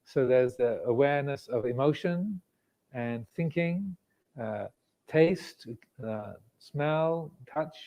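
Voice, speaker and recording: A man, a Buddhist monk giving a measured, reflective dharma talk with frequent pauses. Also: mid-range voice, expressive, mellow. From England. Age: 60s. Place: indoor meditation hall with cameras and air conditioning.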